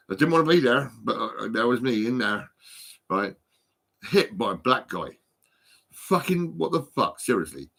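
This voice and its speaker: A man's voice: mid-range voice, gravelly, pushed and bright. Agitated, profane man ranting. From United Kingdom. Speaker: vlogger. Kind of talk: rambling angry monologue. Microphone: phone.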